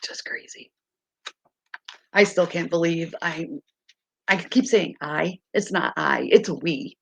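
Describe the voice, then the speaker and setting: Slow-talking hoarse woman streamer. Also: lowish voice. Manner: chatty, rambling, laughs often, talks to her chat. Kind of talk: casual live-stream chat.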